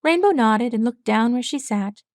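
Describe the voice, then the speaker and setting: A woman narrating her own fan fiction audiobook in a steady, even storytelling voice. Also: on the high side, moderate pace, dry recording, studio quality. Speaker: audiobook reader.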